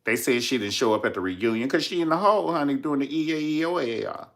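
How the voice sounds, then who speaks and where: Animated sassy man dishing gossip. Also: medium pitch, fast. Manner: sassy, dramatic, profane, says "honey" a lot. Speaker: vlogger host. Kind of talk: casual celebrity gossip commentary.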